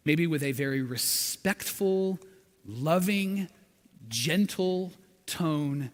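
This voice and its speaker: High-voiced male preacher in a reverberant hall. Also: animated, very slow. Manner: dramatic storytelling, acting out quotes with swings in volume. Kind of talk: sermon.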